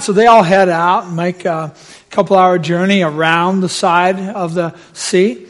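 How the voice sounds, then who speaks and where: A man preaching a sermon, telling the story with lively, acted-out voices. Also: sits high, moderate pace.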